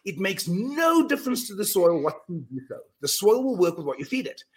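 A middle-aged man speaking as a guest on an interview podcast. He talks in an emphatic, earnest way, with quick restarts and repeated words. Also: high-pitched, big pitch swings. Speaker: guest speaker on mind power. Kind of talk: animated storytelling in a podcast interview.

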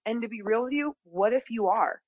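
A woman's voice: on the high side, a little fast, dry recording, phone-quality sound. A woman, a spiritual teacher, talking expressively as a podcast guest and acting out the voices of people she quotes. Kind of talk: conversational interview.

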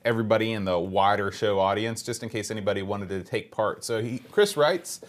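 A man's voice: fairly low pitch, a little fast. A man co-hosting a podcast, chatting casually and reading listener emails aloud with easy filler words. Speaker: podcast co-host.

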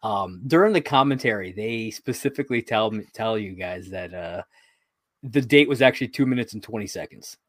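A man's voice: on the low side, expressive, a little fast, a bit bright, no room sound, studio quality. A man co-hosting a podcast, chatting casually about a sitcom episode, rambling, laughing often and swearing now and then. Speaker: podcast co-host.

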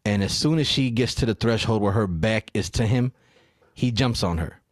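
A man hosting a podcast in casual chat, retelling a story in an animated way and acting out the quotes. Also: fairly low pitch, normal speed, dry recording, studio quality. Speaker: podcast host.

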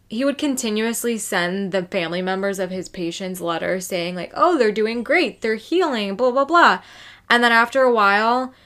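This woman co-hosts a laid-back true crime show, narrating casually, chatting naturally and cursing without restraint. Her pitch is average, neither high nor low.

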